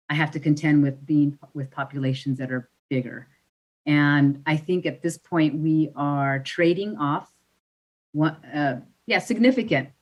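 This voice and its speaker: A woman's voice: deep voice, darkish tone. A woman commissioner speaking in a public meeting, thoughtful and plainspoken. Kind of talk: meeting discussion.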